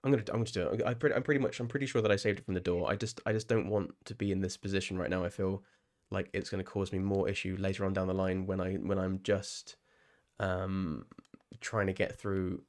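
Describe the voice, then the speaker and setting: A man's voice: sits low, little pitch movement, brisk, darkish tone. Chatty English man streaming a game. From England. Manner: rambling and chatty, often restarting phrases and laughing. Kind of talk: casual live-stream commentary.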